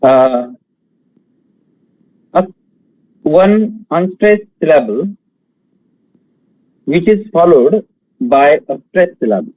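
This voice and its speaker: Slow, husky-voiced male lecturer on a thin line. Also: fairly high pitch, animated, no echo, narrow, tinny audio. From India. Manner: slow, halting delivery with many fillers, counting out feet and stresses. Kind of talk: online exam-prep lecture.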